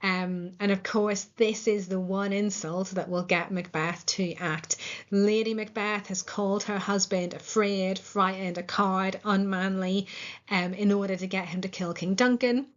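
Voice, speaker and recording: A woman's voice: mid-range voice, fairly even intonation, measured pace, lo-fi sound. A woman with a Northern Irish accent, an English literature teacher explaining a play line by line, enthusiastic and explanatory, with frequent ums.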